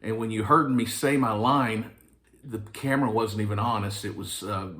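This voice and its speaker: A man's voice: lowish voice, moderate pace, a bit bright. A man from Arkansas, an actor, telling a wry, self-deprecating story about an audition. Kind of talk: anecdotal storytelling.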